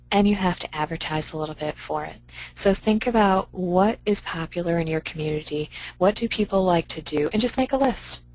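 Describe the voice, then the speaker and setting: A woman's voice: lowish voice, a little mellow, no echo, poor audio. A woman library director giving an upbeat, conversational conference presentation full of practical advice.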